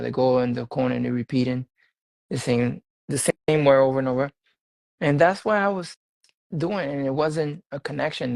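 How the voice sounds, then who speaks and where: Gravelly-voiced man telling a story. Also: medium pitch, dry recording, low-quality recording. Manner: animated, laughs often, repeats phrases. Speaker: guest sharing a faith testimony. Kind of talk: casual storytelling interview.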